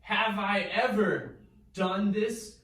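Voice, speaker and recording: A man's voice: high-pitched, fairly even intonation, takes it slowly, fairly bright tone, distant mic. A man voicing a loyal talking donkey reproaching its rider, in an echoey room. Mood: reproachful.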